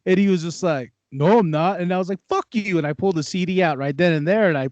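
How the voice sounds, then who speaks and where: A man with a fairly high voice talks through films in a casual chat and leans into animated storytelling, laughing often. The recording is dry and dull, with a lo-fi edge and almost no room sound. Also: very fast, dry recording. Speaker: podcast co-host.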